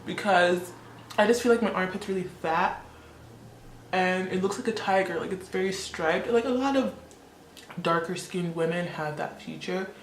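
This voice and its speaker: A woman's voice: fairly low pitch, moderate pace, roomy sound, slight background noise. A woman in her twenties, born in Congo and raised in Canada, chatting casually and laughing often as she does her makeup. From born in the Democratic Republic of Congo, raised in Canada. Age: 20s. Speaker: beauty vlogger. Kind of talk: casual chat while doing makeup.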